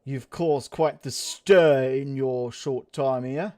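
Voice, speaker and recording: A gamer voicing a formal, guarded noble official in a stiff, measured way. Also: medium pitch, warm tone, natural voice.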